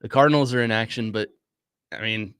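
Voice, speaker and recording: A young man with a low voice talks sports on studio radio, halting and choked up, often restarting his sentences. The sound is dry and close, with no room around it. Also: a bit bright, smooth, no echo. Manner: halting, emotional, stumbling over words. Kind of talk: casual sports talk.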